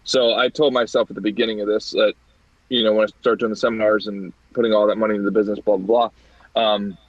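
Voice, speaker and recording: A man's voice: on the low side, quick pace, dry recording. Young guy telling funny stories on a podcast, mid voice, muffled dry audio. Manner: animated storyteller, easily amused. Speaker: podcast co-host. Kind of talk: casual chat. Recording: dull, dry sound.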